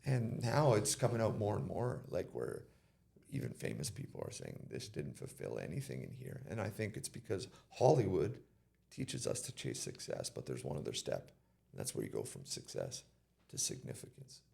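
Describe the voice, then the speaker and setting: A man's voice: extremely low pitch, huge pitch swings, normal speed, vocal fry, few pauses, mellow. A man giving an interview, telling a personal story and retelling conversations in casual quoted speech. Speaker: interview guest.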